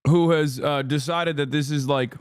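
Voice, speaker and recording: A man's voice: on the high side, fairly even intonation, moderate pace, smooth. A man in his thirties ranting combatively at his live chat, swearing often. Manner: profane, combative rants at chat. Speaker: streamer. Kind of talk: live-stream political commentary.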